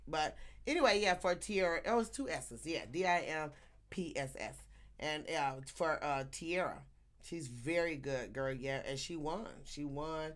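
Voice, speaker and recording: A woman telling a story in casual chat, animated and laughing often, acting out the people in it. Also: low-pitched, a little slow. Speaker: teacher.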